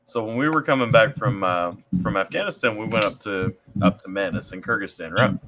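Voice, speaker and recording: A man's voice: lowish voice, fairly quick, background noise. A man, an army veteran, telling a long casual story, often repeating words as he goes.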